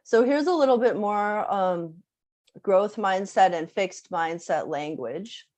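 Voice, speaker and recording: A woman's voice: mid-range voice, animated, slow, a little mellow. A woman music teacher giving a casual workshop talk, conversational, with many fillers and tag questions. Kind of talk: casual online presentation.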